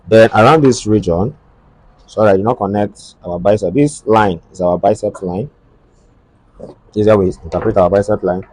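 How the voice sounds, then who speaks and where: A man's voice: lowish voice, a little mellow, no echo, rough recording. A man teaching sleeve drafting step by step, repeating himself and thinking aloud as he draws and measures. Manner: halting, repetitive, thinks aloud while drawing. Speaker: tailoring instructor. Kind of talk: step-by-step sewing tutorial.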